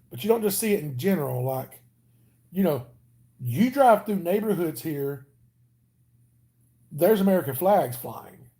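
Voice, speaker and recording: A man's voice: high-pitched, mellow. A man with a Southern US accent chatting casually on a livestream, rambling and joking with his viewers as he reads their comments. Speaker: livestream host.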